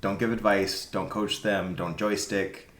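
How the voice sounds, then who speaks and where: Podcast coach, a man with a lowish voice, emphatic and animated, roomy echo. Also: unhurried. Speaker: youth soccer club coach. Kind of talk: casual podcast chat.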